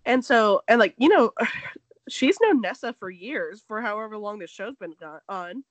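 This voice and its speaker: A woman's voice: mid-range voice, measured pace, no room sound, low-quality recording. A woman co-hosting a casual gossip chat, retelling a story with lots of "like" and acting out the quotes. She says she is sick. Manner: animated storytelling, acts out quotes, heavy "like".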